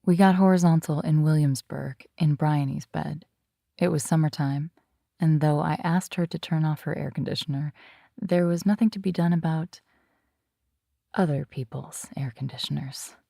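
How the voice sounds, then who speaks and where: Lying in bed, this podcast host reads a scripted intro and then chats casually with a guest, her manner wry and flirtatious. The voice is low and mellow with vocal fry, at a moderate pace, in clean, echo-free studio audio.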